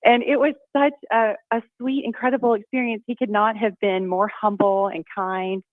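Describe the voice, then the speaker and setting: A woman's voice: mid-range voice, flat delivery, normal speed, no room sound. Woman, radio guest, upbeat storyteller, tinny phone line, dry sound. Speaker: congresswoman guest.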